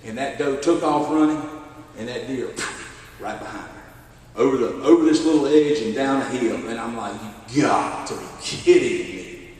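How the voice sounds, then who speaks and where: A middle-aged man with a Southern US accent, a sheriff telling a story in a keynote speech in an animated, folksy way. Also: mid-range voice, normal speed, distant mic. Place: church hall at a benefit dinner. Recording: echoey hall, voice from afar.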